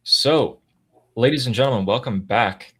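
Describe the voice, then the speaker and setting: A man giving a brisk news roundup in an announcer-like way on a live show. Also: medium pitch, a bit bright, husky. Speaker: news analyst.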